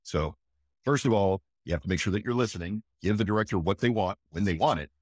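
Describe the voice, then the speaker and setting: A man's voice: lowish voice, quick pace, husky, no room sound, clean studio sound. A man who works as a voice actor, chatting in an interview, enthusiastic and emphatic, often tossing in "again" and "right?". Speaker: voice actor guest. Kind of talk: casual interview chat.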